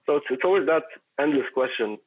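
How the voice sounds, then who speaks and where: A man with a fairly high, expressive, slightly rough voice talks fast as a podcast guest in casual conversation. He rambles philosophically, with lots of fillers and restarts, over a tinny, phone-like line.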